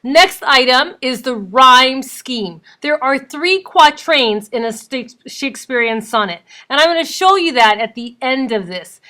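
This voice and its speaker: A woman's voice: fairly high pitch, bright, forceful tone. A woman teacher giving a recorded lesson, explaining step by step and counting points out with emphasis. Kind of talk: recorded classroom lecture.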